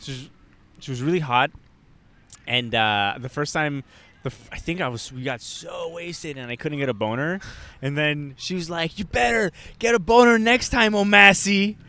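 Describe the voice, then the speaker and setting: Out in a park, a young man co-hosting a podcast rambles through a story laced with swearing and laughter, restarting many times. He talks at a moderate pace in a mid-range voice that sounds bright and forceful.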